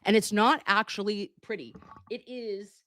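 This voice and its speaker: Her voice sits at medium pitch, a bit bright, with a steady tone and an unhurried pace. She's a livestream commentator on a casual webcam stream who reads out viewers' messages while chatting and joking.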